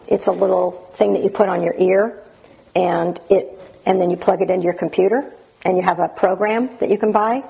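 A woman teaching meditation in a dharma talk, gentle and unhurried with many fillers and restarts. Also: medium pitch, low-quality recording. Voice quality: gravelly, very husky.

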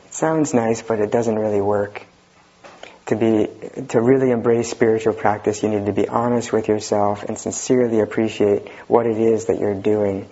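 A man teaching as a Zen teacher, giving a talk with dry humor and an unhurried manner. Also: lowish voice, warm tone, slightly rough. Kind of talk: dharma talk reading and commenting. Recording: dull lo-fi recording.

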